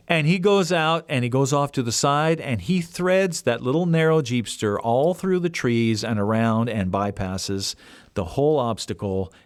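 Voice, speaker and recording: A man hosting a podcast, telling a casual story in an animated way and acting out the voices he quotes. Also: medium pitch, a little slow, no echo. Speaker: podcast host.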